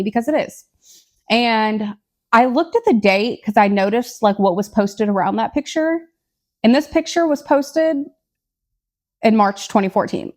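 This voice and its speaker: A woman, a podcast co-host telling personal stories in casual chat, blunt and candid with dark humor. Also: on the high side, lively intonation, moderate pace. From Tennessee, USA. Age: 20s.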